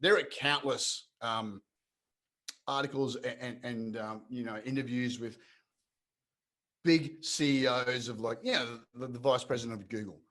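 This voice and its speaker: Animated man, stumbling repeats. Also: mid-range voice, fairly quick. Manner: animated, repeats words, mocks others in put-on voices. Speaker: podcast co-host. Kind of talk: casual chat.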